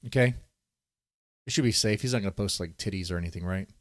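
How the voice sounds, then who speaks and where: A man's voice: sits low, quick pace, dry recording, studio quality. A man giving rambling, profane casual commentary, often restarting his sentences as he reads posts on screen. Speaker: commentary streamer.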